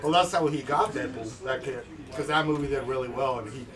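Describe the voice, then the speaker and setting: A man's voice: mid-range voice, a little fast. Easygoing man in an echoey room. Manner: easygoing, brief replies. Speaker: tabletop game player. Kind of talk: casual table chat. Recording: roomy echo, distant mic, loud table chatter.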